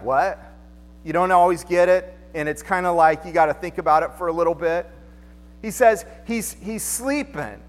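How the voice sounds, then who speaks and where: A man's voice: high voice, big-room sound. A man preaching a sermon as pastor, in a conversational, joking way, acting out the people he quotes.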